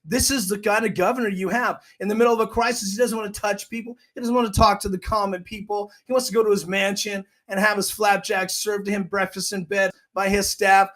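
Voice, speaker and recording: A man's voice: high voice, steady tone, brisk, few pauses, fairly bright tone. A man hosting his own podcast, delivering heated, emphatic political commentary. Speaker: podcast host.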